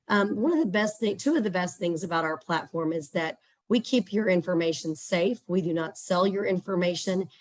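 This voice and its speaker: Hoarse woman with a Texas accent. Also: lowish voice. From Central Texas. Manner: chatty, upbeat, frequent fillers. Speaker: guest presenter for a scholarship platform. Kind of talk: webinar presentation with screen share.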